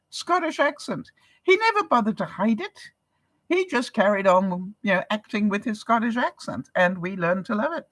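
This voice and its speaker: A woman's voice: a little high, no room sound. An older woman from Canada, a vlogger chatting casually with her viewers, laughing often and asking rhetorical questions. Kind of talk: casual livestream chat.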